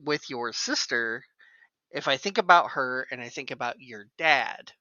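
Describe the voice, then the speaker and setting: A man's voice: medium pitch, lively intonation, unhurried, bright, forceful tone, no room sound, lo-fi sound. A man co-hosting a podcast in casual chat, hesitant and repeating his words. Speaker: podcast co-host.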